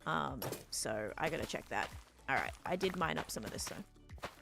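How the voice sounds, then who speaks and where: A woman's voice: low-pitched, very animated, moderate pace, creaky. Australian woman, game streamer, rambling casual chat with viewers, faint music behind. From Australia, Sydney. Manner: chatty, rambling, reads out and answers chat.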